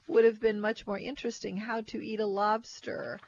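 A woman's voice: mid-range voice, steady tone, moderate pace, gravelly, a little mellow. A woman co-hosting a radio food show, chatting and reading out the call-in number. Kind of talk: radio talk show chat. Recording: dull radio audio with faint noise.

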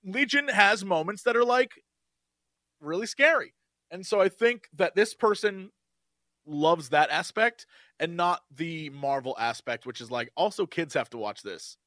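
A man with a high-pitched voice co-hosts a casual podcast. He talks in an animated, joking way, and the sound is close and dry. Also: unhurried, no echo. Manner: animated, jokey, slips into silly put-on voices. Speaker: podcast co-host.

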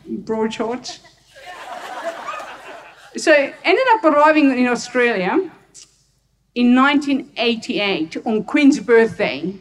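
A woman's voice: a little high, distant mic. A woman from Hungary who is a doctor, telling personal stories to an audience and laughing often. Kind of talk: personal storytelling talk to an audience.

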